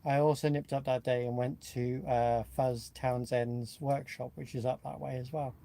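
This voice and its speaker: A man's voice: medium pitch, flat delivery, moderate pace, vocal fry, warm tone. A man from Nottingham co-hosting a live online chat, talking in a rambling, easygoing way and laughing often. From England (Nottingham). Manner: chatty, rambling, laughs easily. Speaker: co-host. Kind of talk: casual livestream chat.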